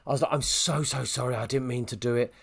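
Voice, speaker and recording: A man co-hosting a podcast, telling a long anecdote and jumping into high quoted voices. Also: fast talker, creaky, slightly rough. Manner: animated storyteller, jumps pitch for quoted voices. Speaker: podcast co-host.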